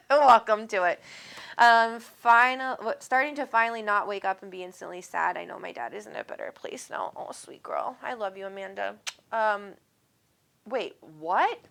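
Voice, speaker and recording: A woman's voice: medium pitch, moderate pace, creaky, fairly bright tone. A woman with a Minnesotan accent hosting a spiritual livestream, chatting casually and affectionately as she reads viewer comments aloud, with plenty of ums. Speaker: spiritual medium and livestream host.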